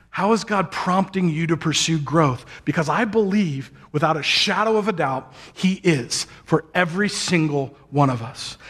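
Guy preaching a sermon, kinda higher voice, earnest and encouraging, cracks a joke here and there. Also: fairly bright tone. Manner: earnest, encouraging, with light humor. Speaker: pastor.

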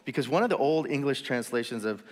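A man preaching a sermon in a lively storytelling manner, acting out quoted voices with sudden loud bursts and quiet asides. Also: medium pitch, fast talker, big-room sound. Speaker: pastor.

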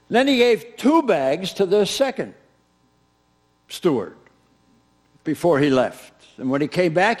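A man preaching a sermon, retelling a parable as an animated storyteller who acts out its characters with humor. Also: high voice, slow, long pauses. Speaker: pastor.

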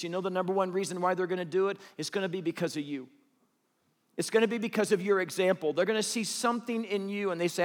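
Middle-aged male pastor, emphatic sermon delivery, high voice, echoing hall. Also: fast. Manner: emphatic preacher, repeating phrases for effect. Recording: long hall reverb.

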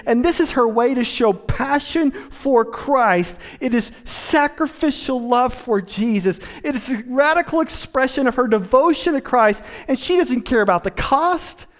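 A man delivering a sermon as a pastor, dropping to quiet asides and rising to loud, emphatic points. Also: animated, measured pace, hardly any pauses, long reverb tail. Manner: swells from low, quiet asides to high, emphatic preaching.

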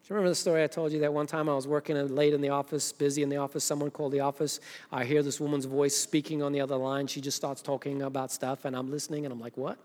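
High-voiced man preaching in a reverberant hall. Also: little pitch movement, racing, hardly any pauses. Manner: swings between emphatic and hushed, intimate delivery. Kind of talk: sermon.

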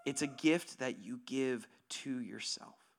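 A male pastor preaching in a lively, conversational way, often checking in with "right?" and swinging from near-shouts to hushed whispers. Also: medium pitch, takes it slowly. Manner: animated, conversational, asks "right?" constantly. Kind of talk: sermon.

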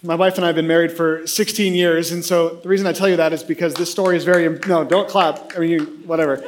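A man in his thirties preaching a sermon, telling a self-deprecating funny story in an animated way. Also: fairly high pitch, quick pace. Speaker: pastor.

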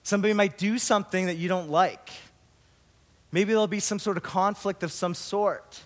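Man pastor, sermon, fairly high voice, storytelling and earnest preaching. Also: fairly even intonation, moderate pace.

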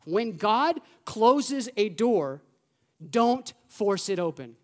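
Animated conversational preacher. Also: medium pitch. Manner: informal fillers and quick asides. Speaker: pastor. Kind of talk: sermon. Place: church sanctuary.

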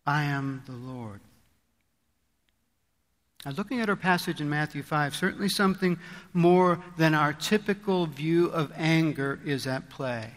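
A man's voice: on the high side, moderate pace, a bit bright, long reverb tail. A male pastor preaching a sermon in an earnest, conversational way, often asking his listeners rhetorical questions.

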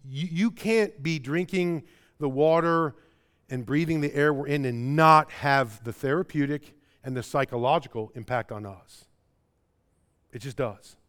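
Animated Chicago-area male preacher. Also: unhurried. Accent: Chicago-area American. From American Midwest. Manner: animated, swings between loud emphatic and quiet low passages; stumbles and repeats words when excited. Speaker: pastor. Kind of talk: sermon.

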